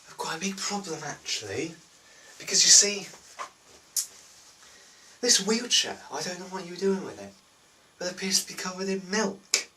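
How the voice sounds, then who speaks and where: A man's voice: high-pitched, big pitch swings, normal speed, long pauses, bright, forceful tone, distant mic, slight background noise, pitched above the performer's own voice, full character voice, low-quality recording. A teen boy putting on a posh snooty dealer. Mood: disdainful. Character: snooty posh male black market dealer.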